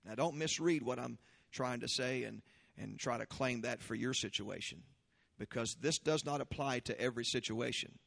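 A man preaching a sermon, leading prayer and praise with fervor, then reading scripture slowly and explaining it. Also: medium pitch, vocal fry, in a large hall. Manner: fervent, shouting praise then slow deliberate teaching. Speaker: pastor.

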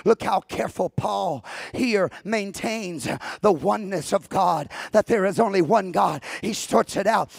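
A man's voice: high-pitched, moderate pace, gravelly, few pauses, no echo. A man preaching a sermon in repeated, rhythmic phrases.

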